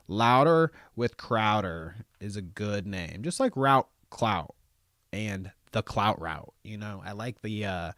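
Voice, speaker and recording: A man's voice: lowish voice, no echo, clean studio sound. A man with a Southern US accent hosting a morning show, swearing and joking as he reacts to a clip. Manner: joking, rambling, laughs often and swears freely. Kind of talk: profane reaction commentary on a clip.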